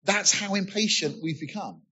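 A man preaches an earnest, expository sermon, often asking his listeners rhetorical questions. His voice sits a touch high and has a husky edge. The recording sounds slightly muffled. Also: moderate pace, sharp tone.

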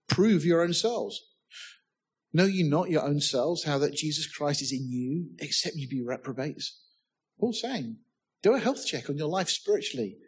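A man's voice: mid-range voice, husky. A man preaching a sermon, reading scripture aloud and asking his listeners questions, with touches of humor. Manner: reads scripture aloud in old-fashioned wording.

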